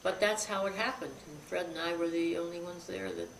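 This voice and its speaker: A woman's voice: fairly low pitch, a little fast, recorded from a distance. Older woman telling a story on a noisy, roomy tape. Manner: animated storyteller acting out quoted voices. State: frog in her throat, coughing. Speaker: interview guest. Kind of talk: storytelling, recalling childhood.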